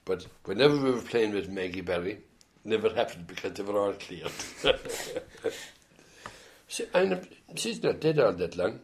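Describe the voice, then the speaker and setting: A man's voice: lowish voice, animated, unhurried, slight background noise. An older man with an Irish accent telling rambling stories in an oral history interview, full of hesitant restarts. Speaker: interviewee, former band musician.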